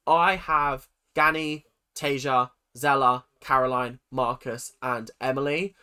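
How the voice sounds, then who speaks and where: A man's voice: mid-range voice, bright, forceful tone. A man from the UK giving a casual, opinionated rant about a reality TV cast, frank and chatty, swearing now and then. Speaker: YouTube commentator.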